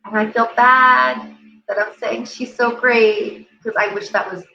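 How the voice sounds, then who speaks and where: A woman's voice: fairly high pitch, steady tone, unhurried, gravelly, sharp tone, faint music behind. A woman hosting an interview, who talks in an empathetic way and often restarts her sentences as she thinks aloud. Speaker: interview host, parent. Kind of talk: casual interview chat. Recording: echoey, dull-sounding room with faint ambience.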